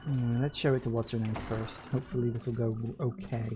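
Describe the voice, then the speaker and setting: A man's voice: mid-range voice, fairly even intonation, fairly quick, background noise. A man hosting a let's play, giving casual, rambling commentary with many hesitations. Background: game music.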